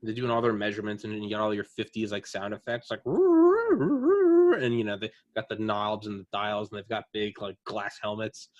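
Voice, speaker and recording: A man chatting casually as a podcast co-host, telling a rambling, animated story full of fillers. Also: medium pitch. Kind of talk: casual chat.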